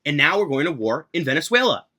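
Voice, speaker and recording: A young man rants about politics in a casual, heated way, blunt and cursing freely. His voice sits fairly high and sounds bright and forceful. He hammers his points home by repeating them. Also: very animated, fast talker. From United States. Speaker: political commentator.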